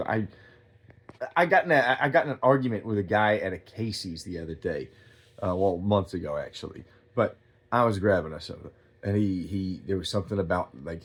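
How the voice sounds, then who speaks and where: A man with a lowish voice rants casually to his audience. He tells a rambling story full of swearing and false starts. His tone stays blunt and unfiltered, with a pitch that sits on the low side. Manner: profane, rambling storytelling, loud when reenacting quotes. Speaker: streamer. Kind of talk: casual rant.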